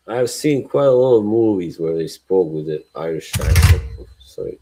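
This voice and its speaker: A man's voice: low voice, animated, moderate pace, mellow, rough recording. A man hosting a livestream in casual chat, rambling and laughing often between remarks. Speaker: livestream host.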